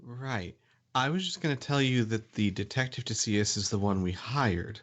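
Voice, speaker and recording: A tabletop player voicing an awkward, earnest male adventurer who speaks in a halting, gentle way. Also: medium pitch, pitched below the performer's own voice, lightly acted. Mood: unsure.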